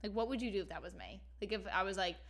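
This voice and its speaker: A young woman co-hosting a podcast in casual chat, animated and full of "like" fillers, cursing freely. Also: medium pitch, very fast. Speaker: podcast co-host.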